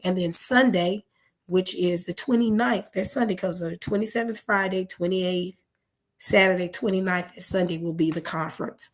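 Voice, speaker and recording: A hoarse woman, talking casually to her viewers, rambling with fillers and correcting herself as she goes. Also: lowish voice, steady tone, moderate pace. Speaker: channel host.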